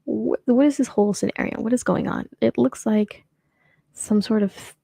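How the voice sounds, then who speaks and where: A woman's voice: a little high, steady tone, moderate pace, gravelly, warm tone, husky, no echo. A young adult woman hosting her own show, chatting casually and rambling with lots of fillers and restarts. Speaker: podcast host. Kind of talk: casual solo chat.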